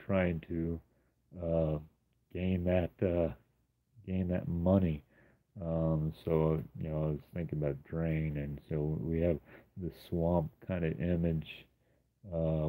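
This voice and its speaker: Slow, low-voiced man with tinny sound. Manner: rambling, many ums and uhs. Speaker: artist showing his sketchbook. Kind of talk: casual sketchbook walkthrough.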